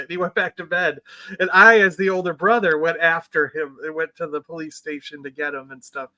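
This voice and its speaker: A man's voice: on the high side, fairly even intonation, brisk, sharp tone, no echo, rough recording. A man co-hosting a casual chat, telling a family story and laughing easily. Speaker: podcast co-host. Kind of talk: casual after-show chat.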